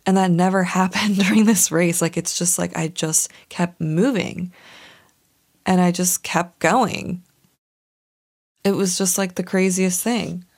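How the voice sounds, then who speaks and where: A woman talks through a personal story on her podcast, candid and heartfelt, sprinkling "like" through her sentences. Her voice sits a little low and has a gravelly, fry-tinged texture. She speaks close to the mic. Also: steady tone, measured pace. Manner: candid, emotional, frequent "like" fillers. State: tearful. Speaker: podcast host.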